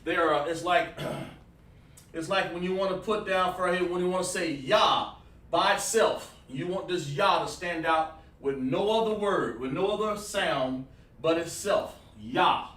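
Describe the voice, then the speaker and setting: A male instructor leads a livestreamed language class from an echoey room, his voice far from the mic. He sounds fairly high and a bit bright, keeps a measured pace, and patiently checks in with repeated "okay, all right" while praising his students.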